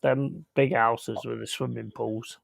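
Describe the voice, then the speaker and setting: A man in casual chat, laid-back and halting, swearing casually. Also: mid-range voice, fairly even intonation, gravelly, dry recording.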